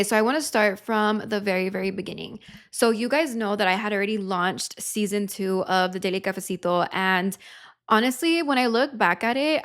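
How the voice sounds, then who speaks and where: A young woman hosting a podcast in casual chat, expressive and confessional, swearing freely. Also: mid-range voice. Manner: emotional, confessional. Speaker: podcast host.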